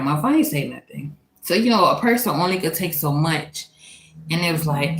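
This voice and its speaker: A woman from Louisiana, telling a personal story in a casual, animated and profane way, laughing often. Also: deep voice, normal speed. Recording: echoey room.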